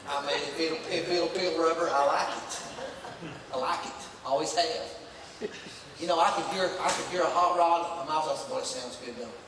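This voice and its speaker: A man preaching a folksy, emphatic sermon as pastor, his voice rising into shouts. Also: fairly high pitch, steady tone, moderate pace, noisy background. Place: church sanctuary. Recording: echoey church hall from far off.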